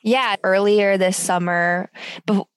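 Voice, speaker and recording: A woman answering interview questions as a guest athlete, speaking in a relaxed, conversational way through a headset on a video call. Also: medium pitch, slow, clear, resonant tone, dry recording. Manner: relaxed, conversational, some restarts.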